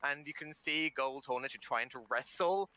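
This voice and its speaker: A man running a tabletop game as game master, with an animated, very bright voice. His delivery is smooth and lively, and the recording is dry and close. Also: mid-range voice, moderate pace, no room sound. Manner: animated, laughing often.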